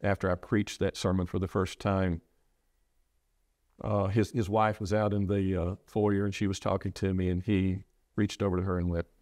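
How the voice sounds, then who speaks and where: A middle-aged man, a preacher, speaking earnestly about losing his wife, halting often and restarting his sentences. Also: low voice, little pitch movement, darkish tone, no echo, clean studio sound. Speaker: preacher sharing his loss. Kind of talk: reflective interview talk.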